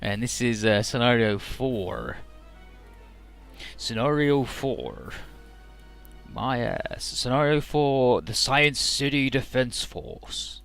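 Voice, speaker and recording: A man rambles through a crude, joking recap of a game's story in casual let's play commentary. His voice is bright and bounces around a lot in pitch. Faint game music plays behind him. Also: very animated, slow, creaky.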